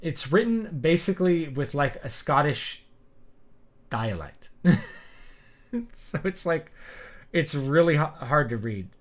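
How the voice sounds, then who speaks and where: A man's voice: fairly high pitch, very animated, takes it slowly, pauses often. A man who is a teacher and author, chatting casually and rambling while he plays a game, with lots of ums and opinions. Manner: rambling, opinionated, full of fillers. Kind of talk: casual chat over gameplay.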